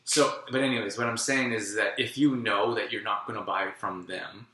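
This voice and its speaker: Bright-voiced man chatting in an echoey room. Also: lowish voice, steady tone, moderate pace. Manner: rambling, heavy use of "like". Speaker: co-host of a wellness channel. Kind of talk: casual chat.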